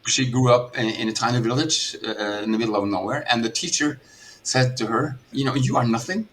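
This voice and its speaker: A man's voice: mid-range voice, brisk, fairly bright tone. A middle-aged man from Norway, a business coach, talking earnestly in a podcast conversation and often repeating words as he starts a thought.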